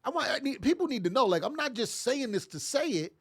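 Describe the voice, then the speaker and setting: Congested from sinus trouble, a middle-aged parenting podcast host delivers a casual, emphatic, repetitive motivational monologue. His voice is very high with big pitch swings, a little fast, and has a breathy edge.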